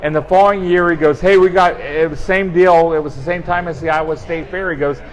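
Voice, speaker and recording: A man telling animated, funny anecdotes in a casual chat, acting out quoted dialogue. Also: on the high side, quick pace, muffled recording. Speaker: guest storyteller on team talk show. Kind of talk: casual storytelling.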